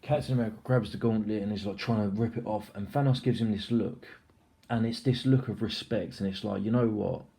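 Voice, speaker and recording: Excitable, rambling young man, fairly low voice. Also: fairly quick, vocal fry. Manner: rambling and excitable, heavy swearing and filler "like". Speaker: film reviewer. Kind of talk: casual spoken film review.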